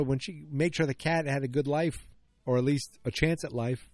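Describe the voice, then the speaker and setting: A middle-aged man talks alone into a podcast microphone at a middle pitch, rambling and circling back on himself. His voice is close and dry with no room sound. He gets openly emotional as he chats. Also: fairly even intonation, moderate pace, no echo. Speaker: podcast host. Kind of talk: solo casual podcast chat.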